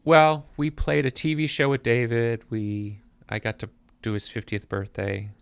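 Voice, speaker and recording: This fifty-something musician, appearing as a podcast guest, reflects aloud in conversation and keeps repeating words as he looks for them. His mid-range voice carries vocal fry, stays level in tone, and moves at normal speed, sounding clean with no room sound through the podcast mic.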